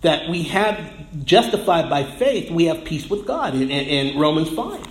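A man preaching a sermon as pastor in a church, animated and often repeating words and fillers as he goes. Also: a little high, moderate pace, roomy sound, low-quality recording.

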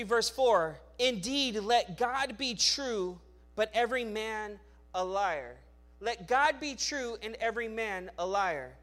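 A male pastor preaching a sermon, swinging between loud emphatic lines and quiet, low asides, with frequent restarts and repeated words.

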